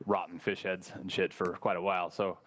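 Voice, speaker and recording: A man with an American accent and a low-pitched voice tells a travel story a little fast on a podcast, over dull-sounding audio. The chat is casual and profane, and he's animated, swearing and acting out the dialogue.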